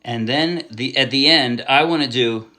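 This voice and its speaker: A man's voice: mid-range voice, moderate pace, loud music behind the voice. A man giving a casual ukulele lesson, chatting loosely and counting beats aloud as he explains. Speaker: ukulele teacher. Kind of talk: casual instrument tutorial. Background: ukulele playing.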